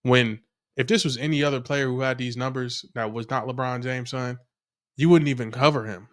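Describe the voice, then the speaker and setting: A man's voice: mid-range voice, fairly even intonation, normal speed. A man co-hosting a podcast, reacting in casual, slangy talk that rambles and restarts. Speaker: podcast co-host.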